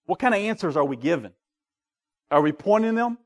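A middle-aged man preaching a sermon as pastor, moving between loud calls and quiet, low asides. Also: animated, a little fast. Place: church sanctuary.

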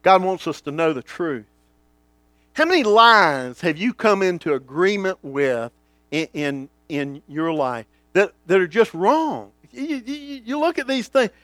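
A male pastor preaching a sermon, swinging from booming lines to hushed ones and acting out the voices he quotes. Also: expressive, unhurried, no echo.

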